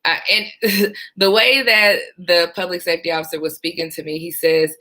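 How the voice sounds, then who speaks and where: A woman with a low voice, once a 911 dispatcher, shares stories from the job in a casual storytelling vlog. She speaks at a normal speed, animated and often breaking into laughter.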